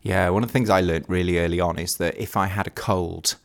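A man co-hosting a podcast in casual chat, wry and measured, reading article passages with dry emphasis. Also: deep voice, steady tone. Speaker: podcast co-host.

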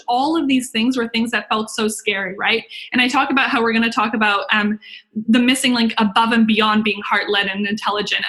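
A young woman, a business coach and podcast host, giving a chatty, excitable webinar talk full of "like" and acted-out inner voices. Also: on the high side.

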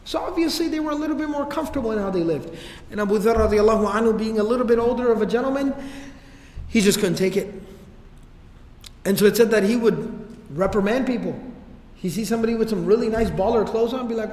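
A man's voice: sits high, brisk, darkish tone. A man giving a casual, slangy religious history lecture, telling stories with jokes. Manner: casual, slangy, joking storyteller. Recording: echoey hall with long reverb.

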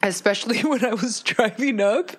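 A woman's voice: a little high, normal speed, husky. A woman guest on a casual podcast chat. She swears freely, laughs often and tells her stories with animation. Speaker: guest entertainer.

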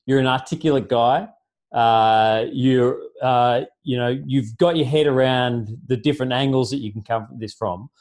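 A man's voice: mid-range voice, normal speed, darkish tone. A male podcast host asking long, hesitant questions in a self-deprecating, casual way. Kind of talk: casual interview chat.

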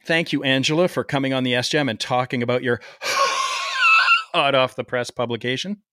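A man's voice: mid-range voice, huge pitch swings, moderate pace, bright, forceful tone, no echo. A man from Canada hosts a medical podcast in a teasing, jokey way. His voice rises and falls a lot as he talks. The sound is dry and close. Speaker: podcast host. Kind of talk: casual chat.

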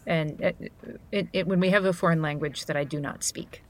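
A woman's voice: low-pitched, steady tone, fairly quick. A woman who narrates audiobooks, chatting as a guest in an interview, laughing often between many fillers and restarts. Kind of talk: casual interview chat.

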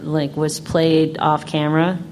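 A woman who plays on a live-play show, telling a convention panel audience about her character in a giggly, animated way, full of "like". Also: deep voice, a little slow, a little hiss or hum. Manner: giggly, animated storytelling with lots of "like". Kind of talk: panel Q&A answer, casual.

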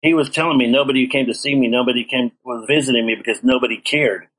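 A man's voice: mid-range voice, fast, fairly bright tone, slightly rough, low-quality recording. A middle-aged man earnestly telling his life story in an interview, acting out the dialogue he quotes. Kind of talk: personal testimony in an interview.

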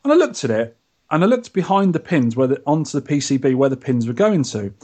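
A man's voice: a little fast, slightly rough. A man co-hosting a podcast, telling a story in casual chat. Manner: chatty storyteller, lively pitch. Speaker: podcast co-host.

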